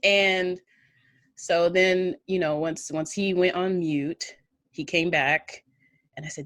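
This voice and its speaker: A slightly tipsy woman tells a story in a casual podcast chat, with a lower voice than most. She talks loosely, laughs, fills pauses with ums and swears freely. The sound is close and dry with no room around it. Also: fairly even intonation, a bit bright, no room sound. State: a little tipsy. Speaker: podcast co-host.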